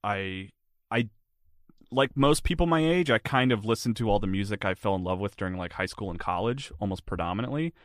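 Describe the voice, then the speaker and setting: A man's voice: on the low side, lively intonation, brisk, no echo, clean studio sound. A man chatting casually as an interview guest, rambling and filling his answers with "like". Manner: rambling, heavy use of "like" fillers. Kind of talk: casual chat.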